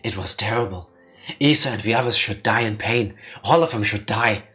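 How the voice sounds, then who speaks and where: A man voicing a dark shadow spirit in a visual novel, speaking in a low, hollow, accusing way. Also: normal speed.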